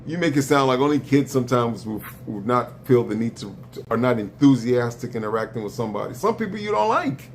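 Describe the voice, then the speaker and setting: A man's voice: brisk, hardly any pauses, a little hiss or hum. Blunt, profane man lecturing on a stream. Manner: blunt, lecturing, profane, lively swings in pitch. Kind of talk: heated argument on a live stream.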